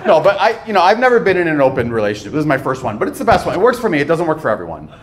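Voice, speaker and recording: A man doing a live stand-up comedy set on a club stage, with a playful, animated delivery and pauses for laughs. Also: fairly high pitch. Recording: noisy live club recording.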